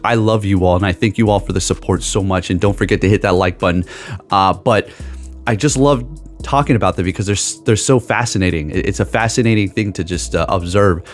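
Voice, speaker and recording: A man talking into a USB microphone, giving gaming tips and joking animatedly about his critics in a casual vlog. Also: fairly low pitch. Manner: animated, jokey, ranting about haters. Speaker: gaming YouTuber.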